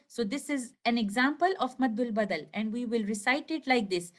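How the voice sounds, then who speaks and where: A woman teaching a recorded lesson over slides, explaining slowly and clearly and stretching out each example word. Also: fairly high pitch, animated. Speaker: tajweed teacher.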